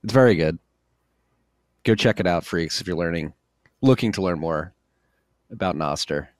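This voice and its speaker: A man's voice: low voice, normal speed, no room sound, studio quality. A man hosting a podcast in casual chat, joking with guests and a bit tired after a workout. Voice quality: relaxed, jokey, calls listeners freaks. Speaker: podcast host.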